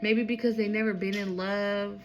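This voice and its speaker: Woman, casual spiritual reading, emphatic, chatty, excitable, swears casually, mid pitch. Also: over music, rough recording. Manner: excitable, quick swings in loudness. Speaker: intuitive card reader.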